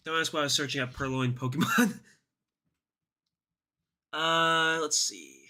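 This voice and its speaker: A man chatting his way through a live stream, his voice very bright and sharp with a slightly high pitch. He rambles, swears and laughs at himself as he goes, close to a desk mic. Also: steady tone, unhurried. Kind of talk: casual live-stream commentary.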